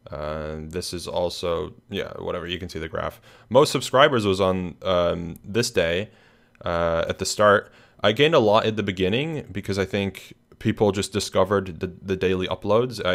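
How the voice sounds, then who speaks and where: A young man hosting a casual recap of his channel, tired and yawning, rambling with lots of fillers and restarts. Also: sits low. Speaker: channel host. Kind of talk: casual screen-share recap.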